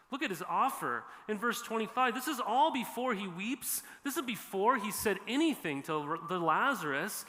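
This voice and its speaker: A male pastor delivers a sermon in a bright, high-set voice. His preaching is earnest and conversational, and he leans on repetition for emphasis. The sound carries the long reverb of a church hall. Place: church sanctuary.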